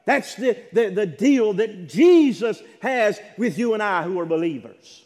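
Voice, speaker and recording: A man preaching a sermon from a church pulpit, fervent, dropping to a hush and rising to shouts, repeating phrases and calling for amens. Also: sits high, lively intonation, a little slow, few pauses. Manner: fervent, swings from hushed to shouting. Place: church sanctuary. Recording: long hall reverb.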